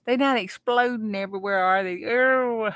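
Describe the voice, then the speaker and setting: A woman, hosting a casual craft livestream and chatting excitedly with her viewers. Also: a little high, moderate pace, dry recording, clean studio sound.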